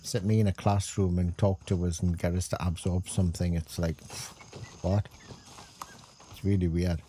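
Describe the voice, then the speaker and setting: Deep dark-toned geordie-ish bloke rambling over his gameplay, chatty, laughs at himself. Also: little pitch movement, normal speed, slight background noise. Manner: chatty, rambling, self-deprecating. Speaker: gaming channel host. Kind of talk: casual gameplay commentary.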